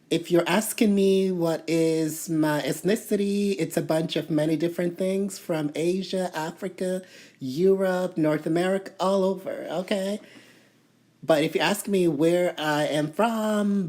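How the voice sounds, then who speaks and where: Woman, lowish voice, casual vlog storytelling, animated, indignant, lots of fillers. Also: unhurried. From Toronto, Canada. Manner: animated, indignant, many "you know" fillers. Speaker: vlogger.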